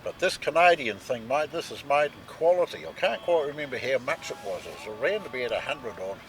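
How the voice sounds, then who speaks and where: A man with a New Zealand accent co-hosts a casual outdoor vlog from a campsite, sounding chatty with a mid-range voice, lively intonation and a brisk pace. He peppers his talk with "mate" and "eh."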